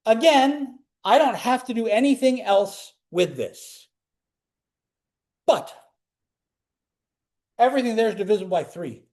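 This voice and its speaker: A man with a notably high voice lectures to a classroom, talking through each step aloud. He asks the students questions and moves between quick explanation and slower emphasis. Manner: animated, talks students through steps with questions. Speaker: calculus lecturer.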